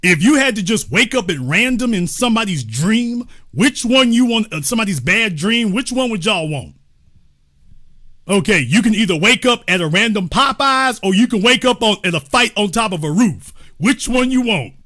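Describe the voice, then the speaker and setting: At a moderate pace and in a high voice, a man hosting a show comments casually on a video, cracking jokes. He's lively and addresses his viewers directly as y'all.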